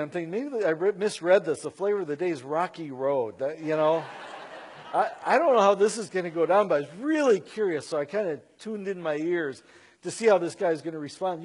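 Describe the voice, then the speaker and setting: A middle-aged man telling a story to a live audience in an animated, conversational way with self-mocking asides. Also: sits high, fairly quick.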